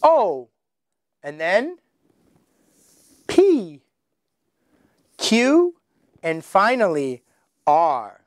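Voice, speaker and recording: A man teaching children their letters, slowly sounding out each one with exaggerated emphasis. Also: sits high, wildly swooping pitch, dry recording, clean studio sound. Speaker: English teacher. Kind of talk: children's phonics lesson.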